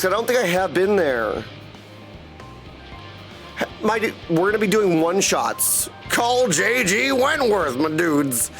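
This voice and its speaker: Brief: high-pitched, excitable male streamer rambling to chat, faint music behind. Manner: excitable, rambling, keeps saying "my dudes". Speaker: game streamer. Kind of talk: casual live stream chat.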